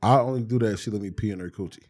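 A man's voice: lowish voice, very fast, darkish tone. A man co-hosting a podcast, trading crude, boastful banter full of slang in casual chat. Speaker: podcast co-host.

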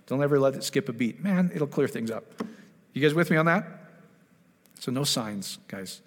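Pastor guy preaching casual, mid-pitched voice, keeps asking the crowd questions, big hall echo. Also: normal speed, pauses often. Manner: animated, asks the audience questions, acts out quotes. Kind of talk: conversational sermon.

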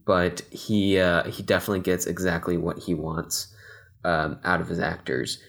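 A man's voice: low voice, flat delivery, normal speed, creaky, a bit bright. A young man who grew up in Texas, co-hosting a casual film podcast, rambling with lots of fillers and restarts. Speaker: podcast co-host.

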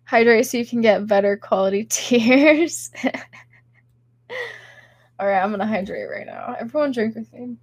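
Young woman host, sick-sounding and stuffy, giggly and loose, fairly high pitch, dry close recording. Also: moderate pace, long pauses, no room sound. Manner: giggly, chatty, many fillers. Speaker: podcast host reading chat. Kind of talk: casual livestream chat.

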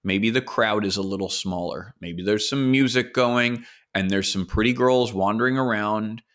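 A man's voice: on the low side, normal speed, fairly bright tone. A man hosting a solo podcast, telling a story casually and speculating, with the odd curse. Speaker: podcast host.

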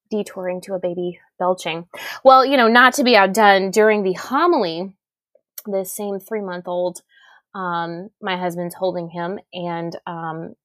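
A woman hosting a solo podcast, talking casually and chattily, laughing and quoting herself in lively asides. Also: medium pitch, no echo, clean studio sound. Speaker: podcast host.

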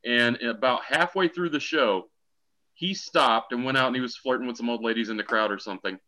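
A man's voice: medium pitch, fairly quick, pushed and bright, poor audio. A middle-aged man joking and telling stories as a guest in a casual podcast chat. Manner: wry, joking storyteller. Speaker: podcast guest, a co-host's father.

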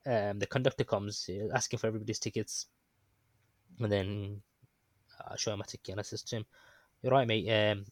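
A man's voice: fairly low pitch, steady tone, brisk, pauses often, dry recording. A man casually telling a story, rambling and hesitant with lots of ums and restarts. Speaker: guest recounting his experience.

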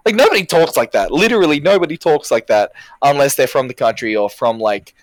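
An Australian man in easy podcast chat, his pitch bouncing up and down as he rambles through stories. The sound is dry and close, with no room echo around him. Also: brisk. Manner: animated, rambling, frequent fillers. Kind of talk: casual chat.

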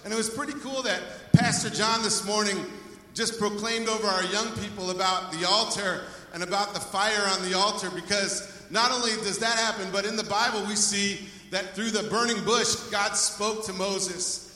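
A man's voice: high-pitched, steady tone, moderate pace, pushed and bright. A male pastor preaching a sermon in a church, speaking with energy and calling out to the congregation for praise. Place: church sanctuary. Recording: echoey hall, voice from far off.

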